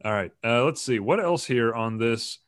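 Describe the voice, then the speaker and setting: A man's voice: mid-range voice, animated, moderate pace. Jokey rambling male podcast host. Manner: rambling and jokey, laughs often. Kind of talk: casual podcast chat.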